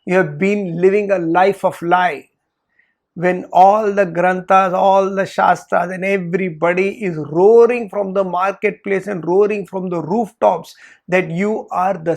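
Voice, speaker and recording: A man voicing a stern male spiritual teacher who scolds loudly. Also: sits high, gravelly. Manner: loud, scolding, accusing.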